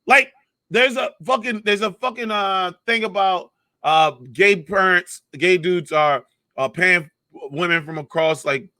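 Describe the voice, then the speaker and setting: A man co-hosting a casual comedy podcast, ranting with lots of swearing and animated emphasis. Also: high voice, measured pace, dry recording, clean studio sound. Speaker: podcast co-host.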